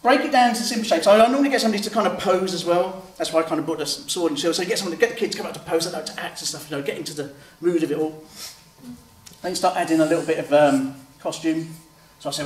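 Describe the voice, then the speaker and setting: A man's voice: a little high, rapid-fire. Man talking through a drawing demo. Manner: chatty, explains step by step, acts out kids' replies. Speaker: author and illustrator. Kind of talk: drawing demonstration with commentary. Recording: roomy sound, mic at a distance, faint background noise.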